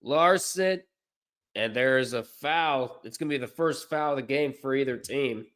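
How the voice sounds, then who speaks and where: A man doing amateur play-by-play commentary on a livestream, unpolished and correcting himself, with deadpan asides. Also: medium pitch, moderate pace.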